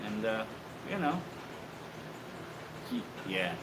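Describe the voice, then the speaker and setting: A man hosting a bladesmithing live stream, relaxed and joking, swearing casually as he signs off. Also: on the low side, extremely slow, noisy background. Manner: relaxed, joking, swears freely, many fillers.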